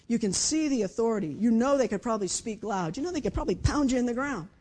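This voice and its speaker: A woman preaching a conversational sermon, moving between lively emphasis and hushed, quiet passages. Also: a little high, fast. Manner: conversational, with dramatic shifts between loud and hushed speech. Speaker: speaker giving a devotional message.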